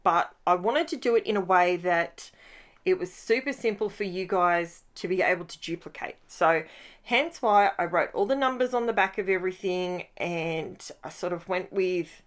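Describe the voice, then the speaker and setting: A middle-aged woman, hosting a casual scrapbooking tutorial from her home craft room, chatty and rambling as she works. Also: mid-range voice. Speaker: scrapbooking channel host.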